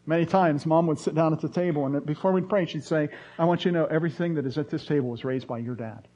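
A man's voice: on the high side, fast talker, warm tone. A middle-aged man, preaching a sermon and telling stories with rising bursts of emphasis. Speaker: pastor. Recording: dull lo-fi sound.

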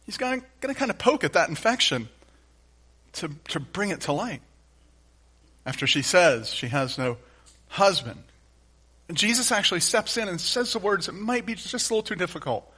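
A man preaching a sermon in an emphatic style, returning to refrains and swinging between loud and hushed lines. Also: sits high. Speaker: pastor.

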